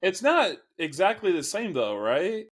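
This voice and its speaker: A man co-hosting a fantasy football show, laid-back and quick to laugh. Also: high-pitched, big pitch swings. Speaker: podcast co-host. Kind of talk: casual sports chat.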